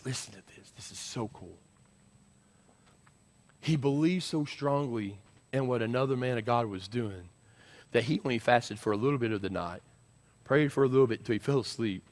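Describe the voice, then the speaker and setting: A man preaching an animated sermon as senior pastor, urging the crowd with call-and-response. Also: medium pitch, normal speed, pauses often.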